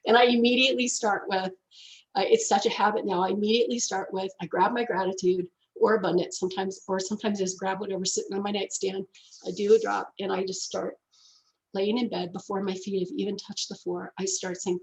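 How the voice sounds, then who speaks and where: Woman, class teacher, effusive, emotional, laughs a lot, mid-pitched voice. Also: steady tone, a little fast, a little mellow, a little hiss or hum, poor audio.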